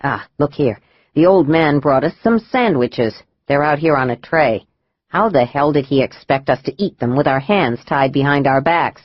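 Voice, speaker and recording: A woman voicing a determined male agent in charge, speaking in a low, clipped and decisive way. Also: expressive, normal speed, no echo, lo-fi sound.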